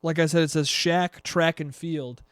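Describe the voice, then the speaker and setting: Young male podcast host, high-pitched, swears a lot, rambles and mocks himself, dry close recording. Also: fairly even intonation, measured pace, smooth, no echo. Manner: profane, rambling, self-mocking. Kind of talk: casual solo podcast chat.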